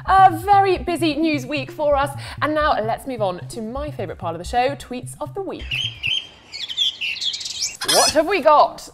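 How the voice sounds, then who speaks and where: A woman's voice: high-pitched, expressive, normal speed, noisy background. A woman co-hosting a motorsport news show, presenting in a playful, teasing, casual way. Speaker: co-host. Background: background music.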